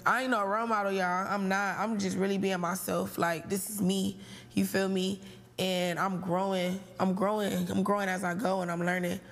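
A woman's voice: mid-range voice, level tone, moderate pace. A woman hosting a casual live call-in show, talking in a slangy, candid way and laughing often. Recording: long reverberant room echo.

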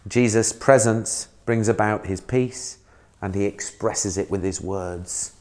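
A man's voice: on the low side, unhurried, a little mellow. A man, a minister giving a sermon in a conversational way, asking the listener questions.

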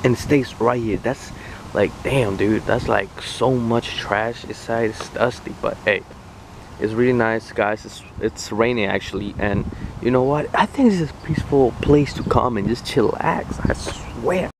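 A young man casually vlogging outdoors by the water in light rain, talking excitedly and slangily straight to his viewers on a handheld phone. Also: mid-range voice, a little slow. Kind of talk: casual outdoor vlog chat. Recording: outdoor phone audio with street noise.

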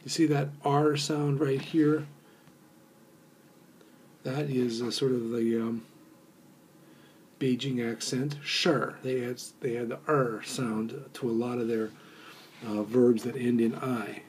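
A man's voice: medium pitch, level tone, takes it slowly, long pauses, darkish tone, a little hiss or hum. A man teaching a recorded language lesson, explaining step by step with fillers and patiently repeating phrases for learners to echo. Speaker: Mandarin teacher.

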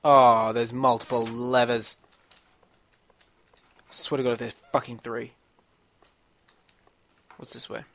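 This male let's-player narrates a puzzle map at medium pitch and a slow pace, with vocal fry, frequent pauses, and a fairly bright tone. His steady, level delivery carries a stream of profanity and rambling as he grumbles at the game and complains to himself.

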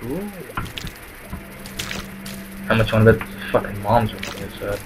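A man's voice: on the low side, steady tone, unhurried, noisy background. A man giving casual let's play commentary at home, rambling through lots of ums and swearing constantly.

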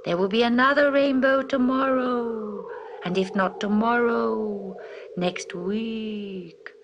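A woman voicing a gentle west wind in a storybook, speaking slowly and consolingly. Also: fairly high pitch, muffled recording, pitched above the performer's own voice. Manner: slow, consoling.

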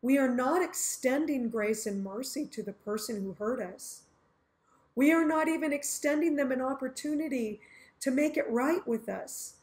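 A woman's voice: high-pitched, moderate pace, a little mellow. A woman giving an earnest Bible teaching, explaining scripture through everyday scenarios she acts out.

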